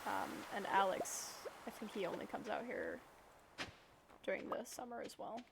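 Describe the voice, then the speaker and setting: A woman's voice: medium pitch, very animated, normal speed, vocal fry, noisy background. A woman streamer giving casual, rambling gameplay commentary, often correcting herself as she talks. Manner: chatty, rambling, self-correcting. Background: game music.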